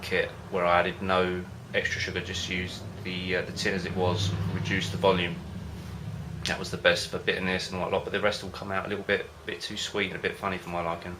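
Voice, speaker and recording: A man's voice: deep voice, completely flat delivery, a little fast, background noise. A man vlogging about home brewing in a casual, rambling way, often hesitating and losing his thread. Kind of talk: casual rambling chat to camera.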